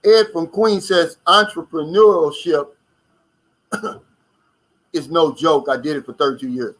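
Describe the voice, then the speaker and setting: American male streamer, fairly high voice, loose and talkative, riffs on viewer comments. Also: unhurried, fairly bright tone, low-quality recording. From United States. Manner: chatty, reads out comments and riffs on them. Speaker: livestream host reading viewer comments. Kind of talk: casual live-stream chat.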